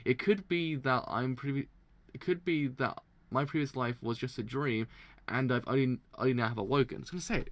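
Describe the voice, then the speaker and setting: A man reading a manga aloud for a live reaction, often tripping over words and restarting, excitable and quick to laugh. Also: mid-range voice, dry recording.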